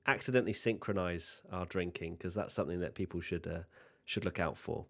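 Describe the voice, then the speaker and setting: A man co-hosting a live watchalong stream chats casually, playful and teasing with sarcastic asides. His voice sits low and gravelly, and he talks fairly quickly.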